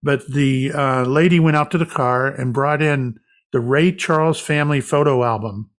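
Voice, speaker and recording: A man guest in an interview, a medium, recounting an experience as a lively anecdotal storyteller. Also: medium pitch, moderate pace.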